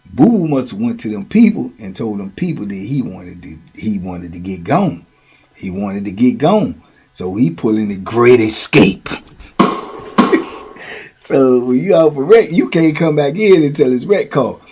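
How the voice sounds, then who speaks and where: Husky middle-aged man telling stories. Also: mid-range voice. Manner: slangy, animated, lots of "you know what I'm saying". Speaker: host telling prison stories. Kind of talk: casual storytelling.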